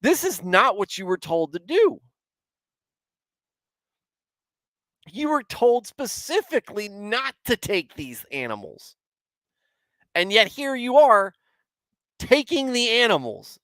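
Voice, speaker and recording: A man's voice: high-pitched, big pitch swings, unhurried, fairly bright tone, no echo, pitched above the performer's own voice, exaggerated voice. A man voicing a stern male prophet scolding a king, in a raised, indignant voice.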